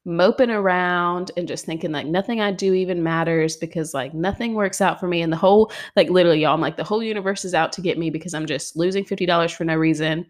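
A woman's voice: fairly low pitch, quick pace, hardly any pauses. A young woman hosting a podcast, talking casually in a chatty, exasperated way with lots of filler words. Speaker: podcast host. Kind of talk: casual solo podcast monologue.

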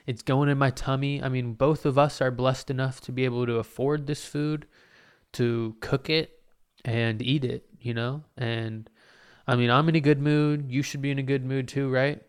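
A man's voice: mid-range voice, level tone, moderate pace, clear, resonant tone. A man hosting his own podcast alone, rambling in a self-mocking way and swearing often. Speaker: podcast host. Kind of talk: casual solo podcast monologue.

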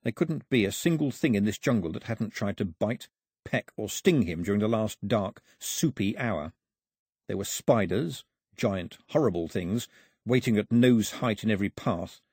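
A man narrating an audiobook with wry, lively storytelling. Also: lowish voice, moderate pace, breathy edge, dry recording, clean studio sound. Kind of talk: scripted narration.

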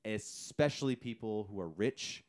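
A man's voice: fairly low pitch, normal speed. A man co-hosting a podcast, telling stories in a casual, profane way. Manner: animated, profane storytelling. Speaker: podcast co-host. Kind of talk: casual chat.

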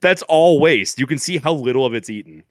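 A man's voice: medium pitch, lively intonation, brisk, dry recording. A man co-hosting a podcast, telling a loose, profane story in casual chat and laughing as he goes. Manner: loose, profane, laughs through his stories. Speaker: podcast co-host. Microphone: podcast microphone.

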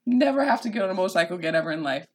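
A woman's voice: on the low side, very fast. A woman hosting a casual podcast chat, telling stories with lots of expression. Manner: animated storyteller, acts out voices. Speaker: podcast host.

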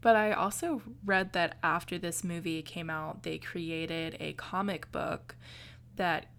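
A woman's voice: lowish voice, steady tone, slow pace, a bit bright, a little hiss or hum. A woman co-hosting a podcast, chatting casually about a film, swearing freely and acting out quotes. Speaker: podcast co-host.

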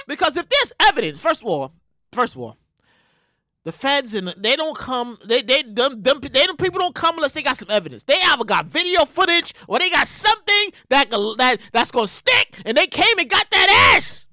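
A high, bright-voiced woman speaking hosts a casual news talk show, her pitch swinging widely as she vents. She talks in a loud, animated way and repeats her phrases for effect. The sound is dry and close, with no room around her. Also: moderate pace, dry recording. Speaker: podcast host.

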